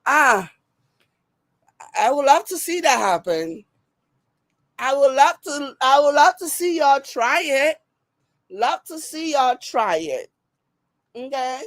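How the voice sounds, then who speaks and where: A woman with a Nigerian accent hosts a casual live stream, reacting to a video, reading viewer comments aloud and laughing a lot. Her voice is high and sing-song, her delivery slow with long pauses. There's no room sound in the recording.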